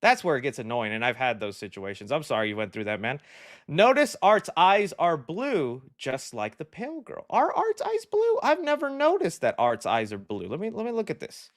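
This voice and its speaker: A man's voice: normal speed, no room sound, clean studio sound. A young man hosting a live movie discussion stream, reading viewer comments in casual chat and laughing often. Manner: excitable, laughs often, animated shifts in pitch.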